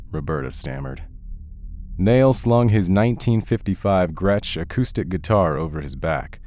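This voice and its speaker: A man narrating an audiobook story with a very deep voice. His delivery rises and falls expressively in a measured storytelling style. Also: animated, a little mellow, soft background music.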